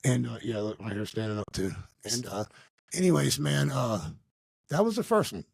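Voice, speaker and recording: Male podcast guest, mid-pitched, slangy and animated storyteller, close dry recording. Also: moderate pace, creaky, slightly rough, dry recording. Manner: animated, slangy, calls the listener dude and bro. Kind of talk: casual storytelling.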